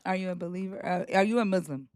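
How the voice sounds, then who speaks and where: A woman's voice: lowish voice, quick pace, a little mellow, no room sound, studio quality. A woman hosting a live stream, blunt and profane, cracking up with her co-hosts. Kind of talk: casual live chat.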